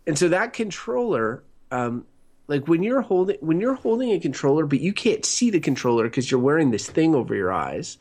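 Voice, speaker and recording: Male podcast co-host, curious and joking, pitch swings a lot. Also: a little fast. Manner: inquisitive, joking, lively up-and-down delivery. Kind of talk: casual chat.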